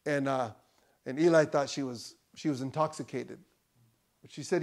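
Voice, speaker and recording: A male pastor preaching a sermon in church, conversational with loud emphatic peaks and joking asides. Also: medium pitch, fairly even intonation, moderate pace.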